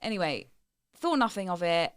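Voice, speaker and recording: A woman's voice: on the low side, big pitch swings, moderate pace, smooth, no room sound, studio quality. A woman co-hosting a casual podcast, telling a playful story in a chatty way. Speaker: podcast co-host. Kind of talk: casual chat.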